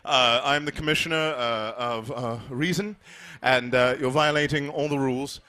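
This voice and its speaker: A man voicing a pompous male official who lectures in a halting, formal way, in live improvised stand-up. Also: mid-range voice, sharp tone, close to an everyday voice. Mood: officious.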